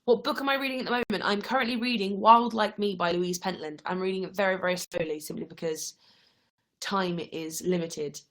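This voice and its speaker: A woman's voice: medium pitch, fairly quick. Young woman on a late-night livestream, sleepy and chatty, reading out viewer questions. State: tired, yawning. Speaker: livestream host. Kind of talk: casual live-stream chat answering viewer questions.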